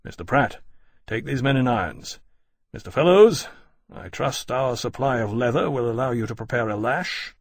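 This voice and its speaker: A man playing a stern, gravelly captain. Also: medium pitch, expressive, moderate pace, dry recording, clean studio sound. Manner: clipped, commanding, quietly severe. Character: stern, formal naval captain, adult man. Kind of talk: audiobook character voice.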